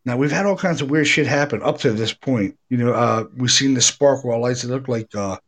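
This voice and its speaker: A man's voice: mid-range voice, fairly quick. Rambling, salty-mouthed man telling a ghost story. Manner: rambling, profane, animated retelling with acted quotes. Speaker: paranormal investigator guest. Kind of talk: casual storytelling chat.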